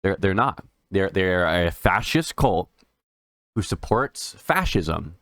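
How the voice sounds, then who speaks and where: Slow, indignant male political commentator. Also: sits low, very animated, fairly bright tone, dry recording. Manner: indignant, repeats words, halting restarts. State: emotional, near tears.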